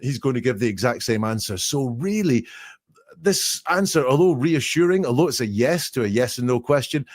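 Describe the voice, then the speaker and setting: A man's voice: mid-range voice, a little mellow, no room sound, clean studio sound. A man hosting a podcast, giving analytical commentary that quotes lines from an interview and then picks them apart. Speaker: podcast host.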